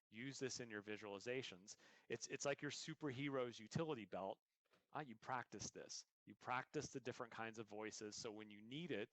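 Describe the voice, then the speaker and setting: A man talks as an endurance coach in an interview, earnest and explanatory, and often stumbles into restarts. His voice sits at an ordinary pitch. The sound is dry and close, with no room around it. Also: fairly bright tone, no room sound. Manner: earnest, frequent restarts and repeated words. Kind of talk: conversational interview answers.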